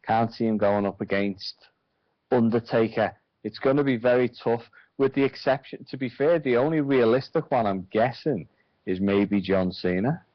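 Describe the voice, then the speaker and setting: A man's voice: medium pitch, normal speed, no room sound. A man co-hosting a radio show, giving blunt, opinionated takes in casual chat. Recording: dull dry sound.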